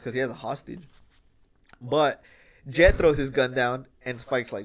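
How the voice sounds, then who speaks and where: A man hosting a podcast in casual chat, excitedly retelling a film scene, swearing freely and acting out the lines. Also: medium pitch, moderate pace. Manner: excited storytelling, swears freely, acts out quotes. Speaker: podcast host.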